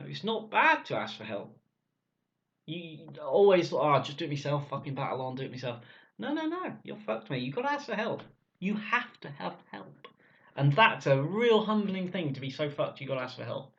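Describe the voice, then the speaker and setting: A gruff man telling his own story bluntly, swearing freely in casual speech. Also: a little high, sing-song, moderate pace, a bit bright. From Cornwall, England. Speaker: vlogger. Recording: dull lo-fi sound.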